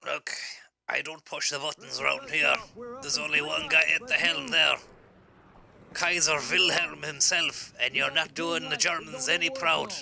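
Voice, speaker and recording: A man voicing a gruff male commander who scolds mockingly, heard slightly off-mic. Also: a little high, fairly even intonation, unhurried, bright, forceful tone, pitched above the performer's own voice, exaggerated voice. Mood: scolding.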